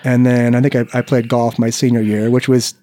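Relaxed storytelling man from Iowa. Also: mid-range voice, brisk. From Iowa, United States. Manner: animated storyteller who acts out the people he quotes; swears freely, peppers speech with "right?". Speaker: guest. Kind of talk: casual storytelling chat.

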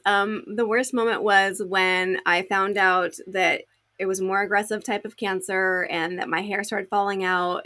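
A woman's voice: medium pitch, bright, forceful tone. A young adult woman telling her story as an interview guest, chatty, with many restarts and fillers. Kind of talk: conversational storytelling.

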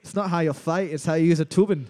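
A man's voice: a little high, fast. A young man hosting a bar trivia night, reading out questions and trading crude jokes with his co-host. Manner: joking, animated, swears casually.

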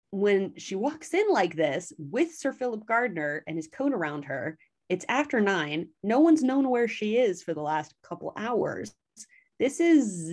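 A woman casually recapping a story as a podcast host, chatty, animated and fond of swearing. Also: lowish voice.

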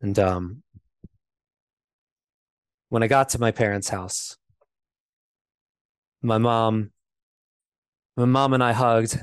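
Low-voiced man telling a hard story. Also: smooth, no room sound. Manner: halting, repeats himself, many fillers. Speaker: interview guest. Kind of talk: personal storytelling.

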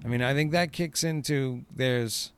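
A man's voice: mid-range voice, a little slow, a little hiss or hum. A man hosting a podcast, telling stories in a casual chat, laughing and swearing freely. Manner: laughing, profane storyteller. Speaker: podcast host.

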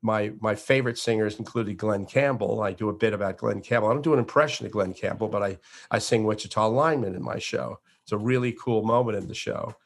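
A man in his sixties from Florida, an entertainer telling stories as an interview guest, animated, with frequent restarts. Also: on the low side, fast talker. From Florida, USA. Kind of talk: interview conversation.

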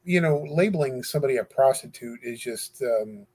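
A man's voice: mid-range voice, animated, moderate pace, mellow, husky. Man, interview guest, hesitant, frequent fillers, earnest. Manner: hesitant, many ums and restarts, earnest. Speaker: guest who corresponds with death row inmates. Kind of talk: casual interview talk.

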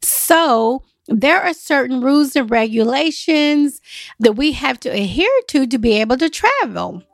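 A woman's voice: high voice, measured pace, dry recording, studio quality. Emphatic chatty woman podcast host. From United States. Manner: lively, emphatic and chatty, says y'all. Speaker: podcast host and travel agent. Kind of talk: solo podcast talk.

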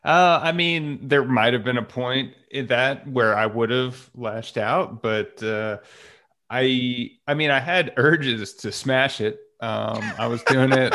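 Young man, podcast co-host, mid-pitched, rambling, casual. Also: a bit bright. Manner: easygoing, rambling, filler-heavy. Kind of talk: casual chat.

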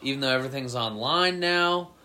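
A man's voice: medium pitch, a little fast, bright, forceful tone, a little hiss or hum. A young man co-hosting a sports podcast, teasing the others in casual banter. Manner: teasing, drops playful hints. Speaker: podcast co-host.

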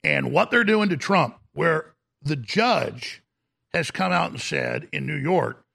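Guy ranting on talk radio, real gravelly raspy voice, sharp and high-ish, mad and mocking. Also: animated, unhurried. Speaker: radio host.

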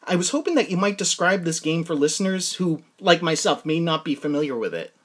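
Halting, higher-voiced male podcast host. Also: expressive, a bit bright. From New England. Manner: halting, with frequent restarts and fillers. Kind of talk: casual interview.

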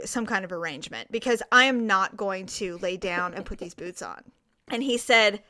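Animated, bright-voiced woman telling a story. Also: fairly high pitch. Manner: animated storytelling, acting out both sides, frequent laughter. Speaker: podcast co-host telling a story. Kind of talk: casual chat.

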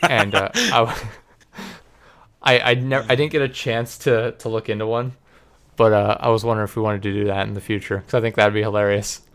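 A man's voice: lowish voice, fairly even intonation, a little fast, fairly bright tone, clear, resonant tone. A young man co-hosting a podcast, telling rambling, profane, self-deprecating stories in casual chat. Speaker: podcast co-host and video editor.

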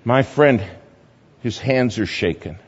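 A man preaching a sermon, telling a story animatedly, shifting between loud and hushed. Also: medium pitch, lively intonation, slow. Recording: muffled hall recording with long reverb.

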